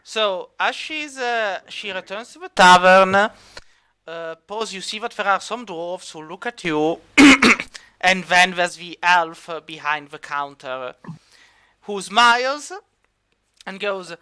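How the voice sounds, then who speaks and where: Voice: mid-range voice, expressive, takes it slowly, bright, forceful tone, clear, resonant tone. A game master narrating a tabletop game, with many fillers and restarts.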